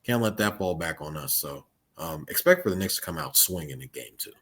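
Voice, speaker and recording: A man talking basketball in a casual podcast chat, stressing his points with emphatic, drawn-out phrasing. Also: low-pitched, animated, fairly bright tone. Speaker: podcast panelist.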